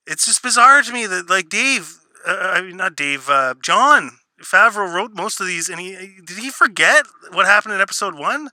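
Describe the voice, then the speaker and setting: Sarcastic and exasperated, this show reviewer tears through a spoiler review, ridiculing what he watched and mimicking lines in silly voices. He speaks high and animated at a moderate pace, barely pausing, with a sharp tone and no room sound.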